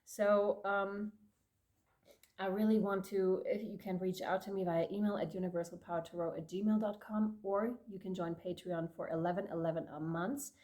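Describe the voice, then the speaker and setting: A woman's voice: medium pitch, fairly even intonation, normal speed, darkish tone. Effusive, emotional tarot reader woman. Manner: effusive, emotional, affectionate, often laughing. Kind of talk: tarot reading for viewers.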